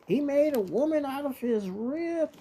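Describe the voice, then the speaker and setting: A man mocking a high, scoffing skeptic. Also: animated, measured pace, warm tone. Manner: incredulous, scoffing.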